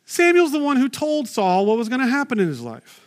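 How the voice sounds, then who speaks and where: A man's voice: very high voice, huge pitch swings, a little fast. A man preaching a sermon, reading scripture and breaking off into chatty asides and rhetorical questions.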